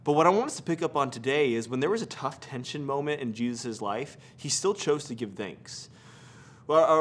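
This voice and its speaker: A male pastor from Arizona delivering a brief devotional sermon at a middle pitch. He tells stories in a relaxed, lively way and drops easy slang into his talk. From Arizona, USA. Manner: casual, animated storyteller with relaxed slang.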